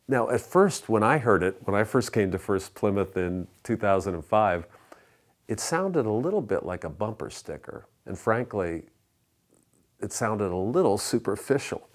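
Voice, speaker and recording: Deep-voiced man preaching a sermon. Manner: measured preaching with soft, hushed repeated refrains. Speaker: pastor. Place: church sanctuary.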